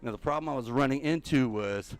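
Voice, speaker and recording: Walking on a treadmill as he plays, an older man streams Minecraft and talks his thoughts through with viewers in a rambling, winded way. The voice is medium in pitch, brisk, and clean in tone.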